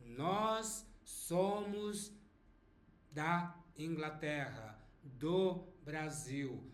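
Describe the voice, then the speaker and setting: Slow Brazilian-accented man teaching, lively pitch. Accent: Brazilian Portuguese. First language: Brazilian Portuguese. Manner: drawls example phrases, checks in with "eh?" and "alright?". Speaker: Portuguese teacher. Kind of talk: slow, deliberate language lesson. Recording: echoey room.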